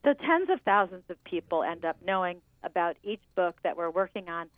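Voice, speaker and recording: A woman calling in as a guest to a radio show, telling stories in a measured way. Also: lowish voice, animated, dry recording. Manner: measured storytelling. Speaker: book editor guest on the phone. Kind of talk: phone-in interview. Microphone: telephone. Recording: tinny phone line.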